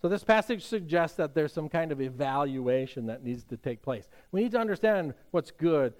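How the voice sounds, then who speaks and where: A middle-aged man delivers a sermon from the pulpit, his voice sitting slightly high for a man. He tells stories conversationally, pausing on fillers and restarting his sentences as he goes. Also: expressive. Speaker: pastor.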